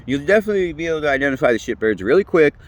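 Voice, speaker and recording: A man's voice: fairly high pitch, lively intonation, very fast, no echo. A man hosting his own show, talking in a casual, rambling rant full of swearing and fillers. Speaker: host.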